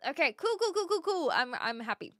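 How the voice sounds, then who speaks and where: Bright chatty Australian woman streamer. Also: sits high, very animated, brisk, no room sound, clean studio sound. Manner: chatty, talks to her chat, frequent restarts. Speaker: live streamer. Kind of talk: casual chat with stream viewers.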